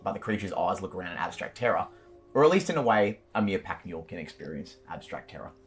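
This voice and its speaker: Casting: male dungeon master, lowish voice, gory horror narration with loose fillers. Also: very animated, fast, a little hiss or hum. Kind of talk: narrating a tabletop game.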